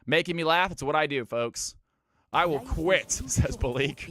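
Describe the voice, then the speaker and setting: A male streamer chatting playfully with viewers and shoutcasting a custom game with hype. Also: fairly high pitch, unhurried, no room sound, clean studio sound. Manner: playful, joking, laughs often, turns hype when casting. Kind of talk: live stream chat and esports play-by-play.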